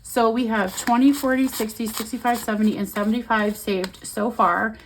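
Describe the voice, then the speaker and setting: A woman's voice: on the high side, steady tone, moderate pace, a little hiss or hum. Chatty woman counting cash. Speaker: budgeting vlogger. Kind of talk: casual chat.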